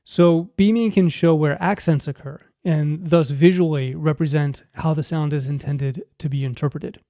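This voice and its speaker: A man explains rhythm notation in a clear, measured teaching voice. His tone is mellow and sits a little high. The recording is dry and close, with no room sound. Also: fairly even intonation, no room sound. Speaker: music teacher. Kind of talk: scripted instructional narration.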